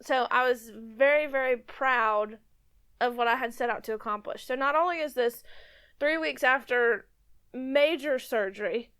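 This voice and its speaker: A woman retelling her own hunting story on a podcast, with frequent laughs and an animated manner. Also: a little high, normal speed, smooth. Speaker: podcast guest and cohost. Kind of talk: casual storytelling chat.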